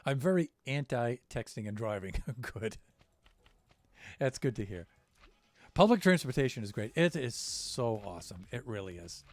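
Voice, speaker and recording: A man's voice: mid-range voice, very animated, moderate pace, dry recording. An American man casually chatting with his stream viewers, rambling with lots of fillers and restarts. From United States.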